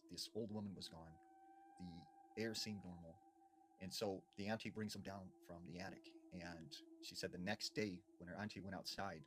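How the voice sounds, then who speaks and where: A man telling spooky stories in a hushed, dramatic way with drawn-out pauses. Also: sits low, slight background noise. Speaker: storyteller. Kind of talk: spooky storytelling.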